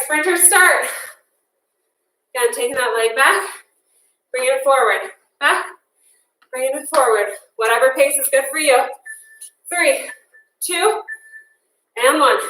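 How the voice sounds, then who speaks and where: Casting note: winded woman cardio instructor, high voice, counts reps. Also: measured pace, long pauses, pushed and bright. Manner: encouraging, casual, counts down reps. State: out of breath. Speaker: fitness instructor. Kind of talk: guided workout class instruction. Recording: echoey room, mic at a distance.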